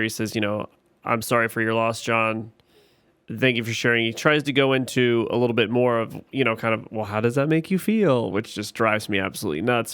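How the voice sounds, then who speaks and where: A man co-hosting a podcast, recapping a TV episode scene by scene in casual chat, getting animated when he is frustrated. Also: mid-range voice, clean tone, no room sound. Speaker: podcast co-host.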